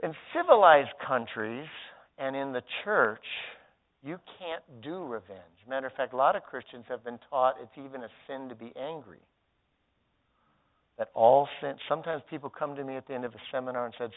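A man who is a pastor, teaching a seminar in front of an audience and acting out quoted thoughts, swinging from loud outbursts to hushed words. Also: medium pitch, normal speed. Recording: tinny phone-like sound.

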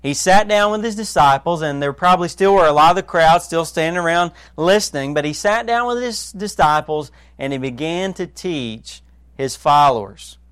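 Guy pastor preaching, pretty high voice, dry sound, goes soft then punchy, keeps asking the church questions. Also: lively intonation, normal speed, clear, resonant tone, no echo. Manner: earnest, swings between hushed and emphatic; asks listeners direct questions. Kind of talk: sermon.

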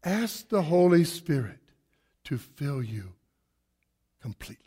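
A pastor delivering an emphatic, animated sermon full of rhetorical questions, moving around as he preaches to a church congregation. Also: on the high side, measured pace, husky. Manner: moves around a lot while preaching.

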